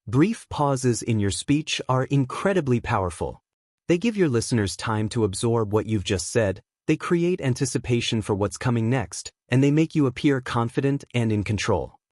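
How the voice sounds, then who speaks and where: A man co-hosting a language-learning podcast, giving clear, measured scripted explanations. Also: medium pitch, lively intonation, a little mellow, no room sound, clean studio sound. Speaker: podcast co-host. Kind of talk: scripted teaching talk.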